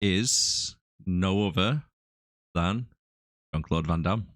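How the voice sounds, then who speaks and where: A man's voice: deep voice, slow pace, fairly bright tone, no echo, clean studio sound. A man co-hosting a casual movie review podcast, easygoing as he shares trivia. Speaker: podcast co-host.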